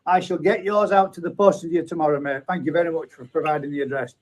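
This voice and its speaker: A man hosts a relaxed live chat and reads out viewer comments. His speaking voice sits fairly high for a man. He keeps up an easy, bantering flow with his guests. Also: fast talker, low-quality recording. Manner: chatty, banters and reads names aloud. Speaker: host of a live pond chat stream.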